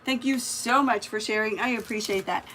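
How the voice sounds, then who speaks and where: A woman's voice: on the high side, moderate pace, pushed and bright, a little hiss or hum. A woman hosting a casual live craft stream, chatting and greeting viewers by name as she works. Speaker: craft livestream host.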